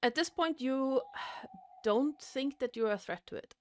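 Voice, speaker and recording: A woman's voice: high-pitched, takes it slowly, slight background noise. A woman narrating a tabletop horror game as game master, hesitant and full of fillers.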